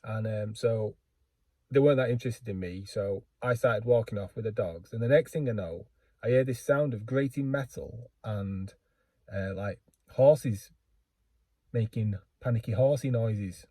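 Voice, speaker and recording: Mellow-voiced man telling a rambling story. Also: on the low side, unhurried, no echo. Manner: rambling, self-deprecating, lots of fillers and restarts. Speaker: book vlogger. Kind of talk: casual storytelling.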